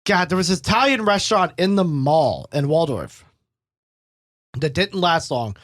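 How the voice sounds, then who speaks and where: A high-voiced man rambles through stories with plenty of swearing. He chats casually as a podcast co-host with a few beers in him. The recording is dry and close. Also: animated, normal speed, fairly bright tone, no room sound. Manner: profane, rambling storyteller. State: drinking beer.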